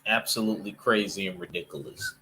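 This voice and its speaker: A comic book vlogger with a lowish, sharp-toned voice talks fairly quickly, with a little hiss or hum in the background. He chats casually and meanders, using loose slang and many fillers.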